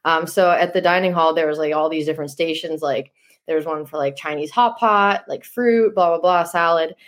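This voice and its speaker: A woman's voice: low voice, a little fast. A young adult woman, a podcast guest, chatting casually and telling stories with lots of fillers and laughs. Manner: chatty, storytelling, laughs often, many fillers. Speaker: guest, Olympic hockey player.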